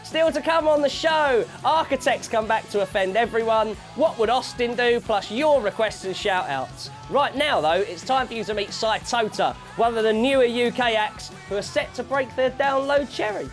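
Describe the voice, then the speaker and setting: High-voiced man hosting music TV. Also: moderate pace, hardly any pauses. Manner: jokey asides, lively reading, chatty fillers. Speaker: TV presenter. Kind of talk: comic music-TV presenting and interviewing.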